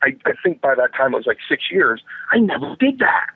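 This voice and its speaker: An older man, a retired wrestler, telling animated backstage stories as a podcast guest, talking to the hosts as "guys" and repeating his phrases for effect. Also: mid-range voice, fairly quick, slightly rough, dry recording. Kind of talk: anecdotal storytelling. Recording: tinny phone line, dry.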